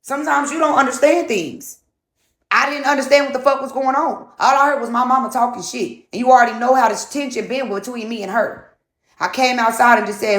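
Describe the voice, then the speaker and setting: A young woman with a raised voice talks fast and insistently, defending herself and repeating her point with swearing. Her voice rings in an echoey room. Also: fairly high pitch, a bit bright. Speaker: partner in the argument. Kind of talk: heated casual argument.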